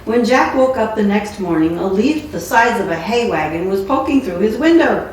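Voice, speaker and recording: A woman's voice: mid-range voice, animated, moderate pace. A woman reading a picture book aloud with playful asides. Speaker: storybook reader. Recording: echoey room, mic far off, faint noise.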